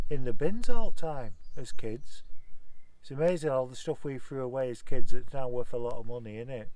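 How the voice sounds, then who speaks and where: Gravelly man telling rambling stories. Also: on the high side, darkish tone, rough recording. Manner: chatty, rambling anecdotes with dialect grammar. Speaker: off-grid homestead vlogger. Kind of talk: casual reminiscing storytelling.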